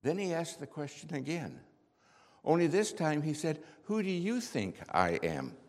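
A man plays the apostle Peter, impulsive and earnest, recounting his story in a heartfelt first-person monologue that climbs into shouts. His voice is a little high with big pitch swings, unhurried, and a long hall reverb surrounds it.

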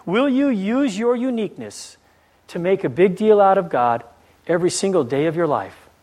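Preacher guy w a high voice, firing off question after question. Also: sing-song, moderate pace, a little mellow. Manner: repeated rhetorical questions and storytelling. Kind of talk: sermon.

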